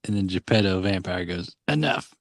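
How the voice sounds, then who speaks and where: A man with a lowish voice talks slowly through a story recap on a podcast, laughing between bits. He acts out the characters' lines as he goes. The sound is dry and close, recorded on a phone. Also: dry recording. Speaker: podcast co-host. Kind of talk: casual chat recapping a story.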